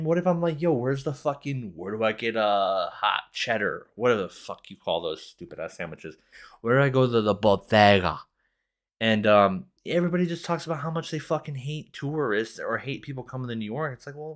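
A man's voice: medium pitch, a bit bright. A young adult man hosting a podcast, ranting casually with heavy swearing and a rambling, sarcastic manner. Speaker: podcast host. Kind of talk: casual rant.

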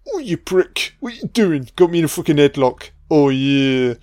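A man's voice: fairly high pitch, very animated, moderate pace, a little mellow, dry recording, studio quality, voice pushed up. A man voicing a mocking male demon, crude and foul-mouthed as he taunts a priest.

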